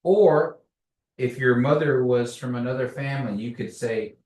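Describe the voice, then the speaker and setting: A man teaching a language class, patiently repeating words slowly for learners. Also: medium pitch, a little mellow. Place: classroom, echoey room. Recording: echoey room, distant mic.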